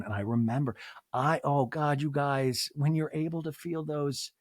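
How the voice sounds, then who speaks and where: A man hosting a podcast, chatting casually and excitably, laughing often and slipping into exaggerated voices for quotes. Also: medium pitch, normal speed, breathy edge, dry recording, studio quality. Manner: jumps into exaggerated voices when quoting people. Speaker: podcast host. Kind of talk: casual chat recapping a TV episode.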